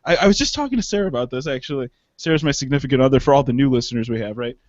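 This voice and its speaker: A man's voice: mid-range voice, expressive, racing, dry recording, highs cut off. A young man from the Detroit suburbs, co-hosting a podcast in casual chat, rambling and joking with laughs between phrases. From Detroit suburbs, Michigan. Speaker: podcast co-host.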